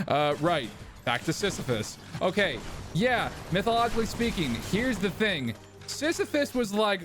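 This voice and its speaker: A man's voice: high voice, sing-song, unhurried, over music. A young man streaming a game, chatting casually, rambling off topic with profane jokes. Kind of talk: casual gameplay commentary.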